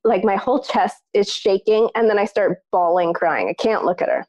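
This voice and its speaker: A woman co-hosting a podcast, telling a personal story in casual chat, lively and peppered with "like", acting out what others said. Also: mid-range voice, normal speed. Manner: animated, acts out other people's lines in the story; frequent filler "like". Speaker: podcast co-host.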